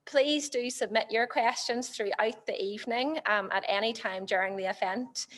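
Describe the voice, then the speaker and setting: A woman's voice: on the high side, moderate pace, a bit bright. Upbeat woman hosting, reverberant hall. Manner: upbeat, chatty, laughs easily. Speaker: church webinar host. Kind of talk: live-stream hosting.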